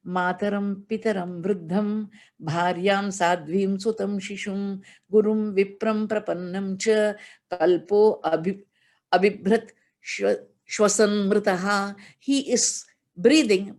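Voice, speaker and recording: A woman speaks, giving a spiritual discourse. Her voice sits fairly low. She chants Sanskrit verses and then explains them in an earnest, emphatic way. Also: a little mellow. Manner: earnest and emphatic, with light laughs. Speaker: spiritual teacher.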